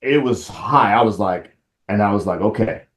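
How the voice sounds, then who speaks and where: Deep-ish voiced cop guy from compton, laid back chat, gets lively telling stories. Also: normal speed, roomy sound. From Compton, California. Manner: relaxed storyteller, grows animated and laughing when telling the story. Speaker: police sergeant, guest. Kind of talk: casual interview conversation.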